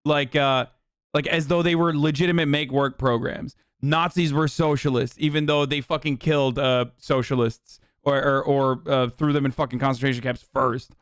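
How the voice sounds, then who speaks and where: A man's voice: medium pitch, fairly even intonation, moderate pace, dry recording, clean studio sound. A man streaming a casual reaction commentary, blunt and profane, with scornful laughs.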